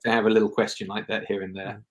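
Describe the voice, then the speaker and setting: A man's voice: on the low side, flat delivery, fast. A man speaking as a film director guest in a casual interview, reflective and rambling, often restarting his sentences.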